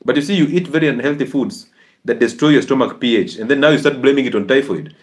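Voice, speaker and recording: A man's voice: medium pitch, quick pace. A man giving call-in health advice, emphatic and lecturing, laughing often. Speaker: health talk host taking calls.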